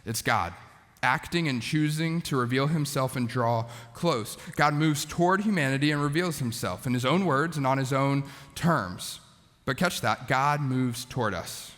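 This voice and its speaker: A man in his thirties, a youth pastor, preaching to students in a conversational, animated way with casual asides. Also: medium pitch. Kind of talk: sermon to students. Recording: long hall reverb.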